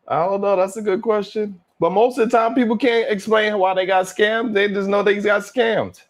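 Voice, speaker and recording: A man's voice: high voice, steady tone, measured pace. Laughing, drawling man on a livestream. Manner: laid-back, laughing, sighing, drawling slang. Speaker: livestream host. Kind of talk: casual livestream chat reading super chats.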